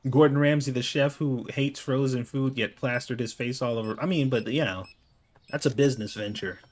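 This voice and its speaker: A man's voice: medium pitch, normal speed. A man talking loosely while playing a game, rambling and leaning on "like" with casual swearing. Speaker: gaming YouTuber. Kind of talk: casual gameplay commentary.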